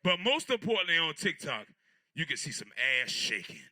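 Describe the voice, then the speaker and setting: A man in his thirties works through a rambling stand-up set, his pitch swinging widely as he goes. His voice sits fairly high and bright, with a loose, crude storytelling manner. The sound is dry, with little room around it. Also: big pitch swings, normal speed, no room sound. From Portsmouth, Virginia. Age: 30s. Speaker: stand-up comedian.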